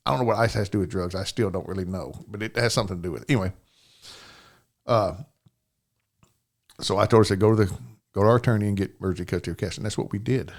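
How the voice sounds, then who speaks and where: Gravelly older man telling a story. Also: lowish voice, a little mellow. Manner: plainspoken storytelling with frequent "you know what I'm saying". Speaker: podcast guest. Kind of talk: telling a personal story in an interview.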